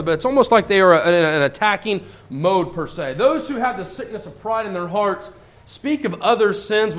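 A man preaching a church lesson, earnest and emphatic, reading scripture slowly and deliberately and jumping up in pitch when he voices other people's words. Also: fairly bright tone. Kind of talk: sermon.

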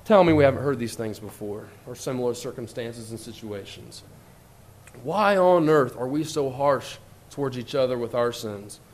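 An animated man preaches a church lesson, earnest and emphatic throughout. He reads scripture slowly and with care, and he jumps up in pitch to voice the words of other people.

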